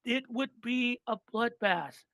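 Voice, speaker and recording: A man on a podcast as a guest in casual chat, animated and swearing freely, retelling comedy bits and repeating himself for emphasis. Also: very high voice, slow pace, vocal fry, dry recording.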